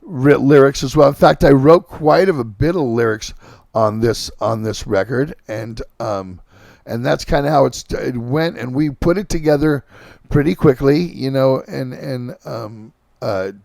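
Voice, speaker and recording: A middle-aged man hosting a podcast, telling band stories in a halting, casual way with lots of fillers and restarts. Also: medium pitch, creaky, a little mellow, dry recording, clean studio sound. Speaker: podcast host and band singer. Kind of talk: casual rambling storytelling.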